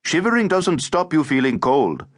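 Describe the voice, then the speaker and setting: A man's voice: on the high side, huge pitch swings, moderate pace, pitched above the performer's own voice. A man voicing a brazen, teasing young orphan boy in an audiobook, talking in a cocky, mocking way. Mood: bossy.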